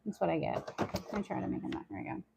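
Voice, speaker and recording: This woman talks fast in a lowish, gravelly voice with big pitch swings, and background noise can be heard. She's a homestead vlogger working through chores and sorting her harvest indoors at home, chatting casually to her audience and to herself.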